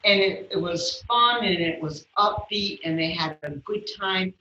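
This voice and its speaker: A woman guest in an interview, telling a personal story in an animated way and acting out the voices of the people in it. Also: mid-range voice, measured pace, echoey room, dull audio. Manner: animated, acts out the voices of people in her stories. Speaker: guest, yoga instructor.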